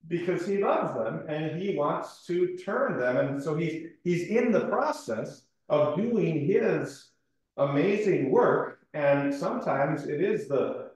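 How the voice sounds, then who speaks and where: A man leading an adult Bible study class in a church room, talking conversationally, asking questions and using frequent ums. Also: on the high side. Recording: roomy echoing room.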